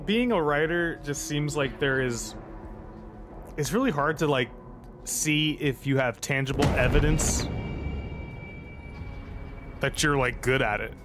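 A man's voice: a little high, measured pace, long pauses, music in the background. A young man streaming a game, rambling and swearing through casual, joking reactions. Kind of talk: casual live commentary.

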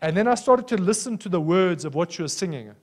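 A man's voice: high voice, fast. A man with a South African accent preaching a sermon, telling personal stories and often asking the congregation "Amen?". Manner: animated, personal storytelling with frequent "Amen?" calls.

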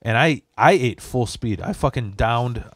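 A young man hosting a podcast, telling a story in a casual, rambling, profane way and getting animated as he goes. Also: mid-range voice, measured pace, no room sound. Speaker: podcast host.

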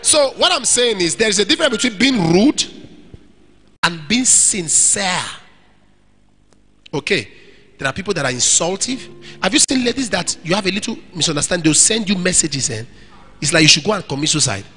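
A man's voice: high-pitched, sing-song, moderate pace, long pauses, pushed and bright, faint music behind. A middle-aged male pastor preaching in a church hall, answering questions from the congregation and acting out quoted dialogue with emphasis. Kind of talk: sermon with audience Q&A.

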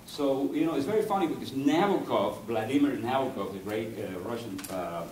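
Male poet, English, halting lecture delivery, distant mic with faint hiss. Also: mid-range voice, lively intonation, a little mellow. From Cuba. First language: Spanish. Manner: halting, digressive, searching for words. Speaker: poet giving a talk. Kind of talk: university lecture. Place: university lecture room. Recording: echoey room, distant mic, faint noise.

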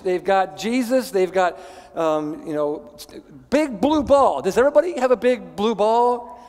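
A male pastor preaching a sermon in a church in a lively, conversational way, often stopping and restarting his sentences. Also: sits high, in a large hall. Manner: animated, conversational, many restarts. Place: church sanctuary.

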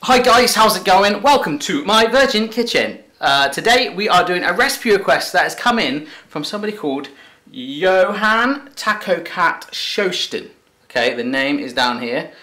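A man's voice: high voice, animated, moderate pace, few pauses, sharp tone. An English man hosting a casual cooking vlog from a home kitchen, chatty, jokey and upbeat. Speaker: cooking show host.

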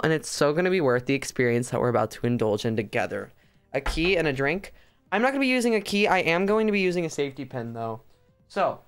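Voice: mid-range voice, smooth. A streamer chatting casually through a livestream while crafting, rambling and joking with mock drama.

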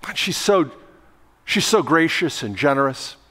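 A male pastor delivering a sermon with lively storytelling, now and then shouting out acted lines. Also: fairly high pitch, unhurried. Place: church sanctuary. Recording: long reverb of a church sanctuary.

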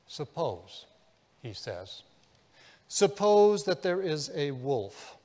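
A man preaching a sermon as pastor, telling a story, dropping to a hush and then rising with feeling. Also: mid-range voice. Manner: storytelling, swinging between hushed and impassioned. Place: church sanctuary. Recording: long church reverb.

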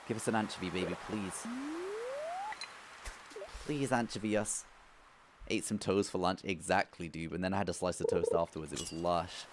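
A young man streaming a farming game, who swings from loud outbursts to low muttering. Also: steady tone, moderate pace, pauses often, noisy background. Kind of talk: live gameplay commentary.

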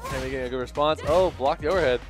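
A man's voice: fairly high pitch, over music. A man co-commentating a fighting game tournament, bantering in a rambling way. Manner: rambling, halting restarts.

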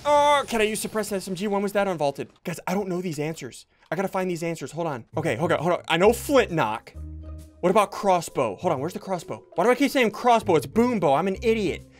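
A young man giving jokey, excitable commentary while playing a video game. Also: high-pitched, fast, faint music behind. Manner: excitable, jokey, yelps and laughs mid-play. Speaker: gaming channel host. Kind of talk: live gameplay commentary.

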